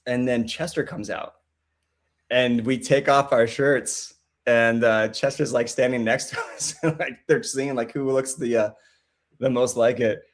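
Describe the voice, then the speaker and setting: A man's voice: medium pitch, measured pace. A man, an actor and guest on a podcast, telling a casual anecdote and acting out the voices of the people he quotes. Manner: lively storyteller, acts out quoted voices.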